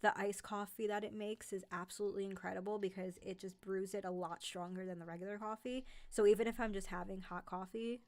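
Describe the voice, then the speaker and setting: A woman's voice: mid-range voice, steady tone, brisk, hardly any pauses, darkish tone. A woman with a light New York accent, chatting casually with viewers on a livestream, with many "like" and "um" fillers. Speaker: host of a horror narration channel.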